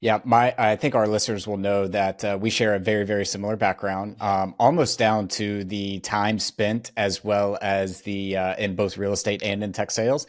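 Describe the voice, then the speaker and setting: A man hosting a podcast, asking curious, friendly questions in a relaxed conversational way. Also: on the low side, moderate pace, few pauses. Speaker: podcast host.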